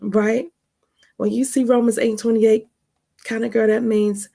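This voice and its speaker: Chatty gravelly Baltimore woman. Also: a little high, level tone, unhurried, pauses often, warm tone. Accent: Baltimore with some Texas. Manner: chatty, calls listeners honey and y'all; laughs often mid-sentence. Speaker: podcast host. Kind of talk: casual spoken monologue.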